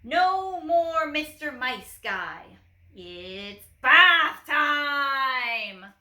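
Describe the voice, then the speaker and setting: A woman voicing a small, blustering male mouse commander who squeaks his bossy orders. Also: unhurried, pushed and bright, roomy sound. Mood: excited.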